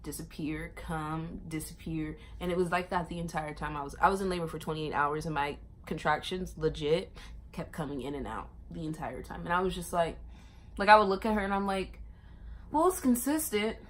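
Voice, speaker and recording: A young woman vlogger telling a long personal story in a casual, animated way, acting out other people's lines in a raised voice. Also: deep voice, fairly quick, slight background noise. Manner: animated, acts out the nurses' and her own lines in raised voices, laughs often.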